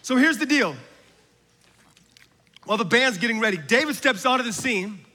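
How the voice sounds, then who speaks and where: High-voiced impassioned male preacher. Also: animated, normal speed, in a large hall. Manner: impassioned, rises to shouts at key lines. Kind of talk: sermon.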